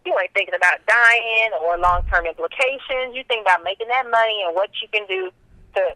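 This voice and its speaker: A woman co-hosting a radio talk show, gossiping about celebrities in a blunt, sassy, animated way. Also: fairly high pitch, fairly quick, dry recording, poor audio. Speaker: radio co-host. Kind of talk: casual celebrity gossip chat.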